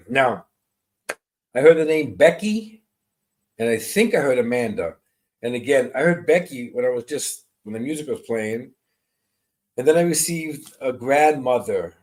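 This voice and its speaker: A man working as a medium on a live stream, greeting viewers by name and describing spirit messages in a soft, reassuring way. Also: mid-range voice, expressive, unhurried, long pauses, low-quality recording.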